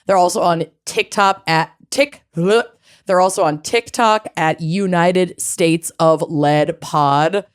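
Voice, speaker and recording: A woman co-hosting a chatty true-crime podcast, bubbly and laughing, her voice swooping up high when excited. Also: slow pace, clean tone. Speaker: podcast co-host. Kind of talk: casual chat.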